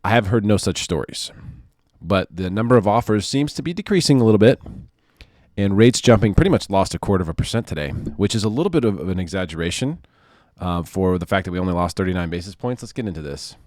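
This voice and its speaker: A man, a mortgage loan officer giving casual market commentary in an animated, sarcastic way, repeating phrases for emphasis. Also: low voice, quick pace, dry recording, clean studio sound.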